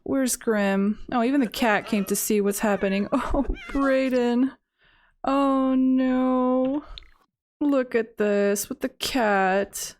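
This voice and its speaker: A woman's voice: on the high side, steady tone, takes it slowly. A woman giving casual game commentary, reacting aloud with lots of exclamations as events unfold.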